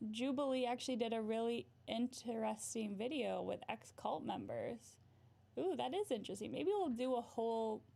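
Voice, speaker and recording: A woman's voice: a little high, vocal fry, a little mellow. A young adult woman, a therapist, giving casual advice on a livestream, often ending points with "right?" and laughing. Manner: frequent "right?" tag questions, laughs often.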